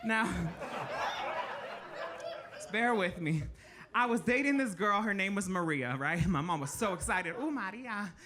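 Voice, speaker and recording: A man in his thirties performing stand-up as a drag queen, brassy and loud, bursting into shouts. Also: high-pitched, a little slow, pauses often. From Latino family in the United States. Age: 30s. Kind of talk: stand-up comedy. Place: comedy club stage. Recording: live club with audible crowd.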